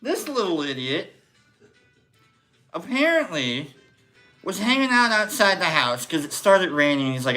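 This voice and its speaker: A man's voice: sits high, unhurried, long pauses, soft background music. A man hosting a casual podcast, telling a story with energy and acting out the voices of the people in it. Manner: animated, acts out quoted voices. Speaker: podcast host.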